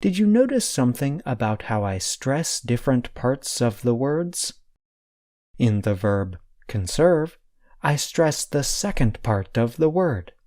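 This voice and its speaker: A man teaching a scripted vocabulary lesson at an unhurried pace, his pitch rising and falling a lot as he explains. His voice is warm and mellow, recorded dry and close with no room sound. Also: very animated, no echo. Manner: careful, deliberate explaining. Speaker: podcast language teacher.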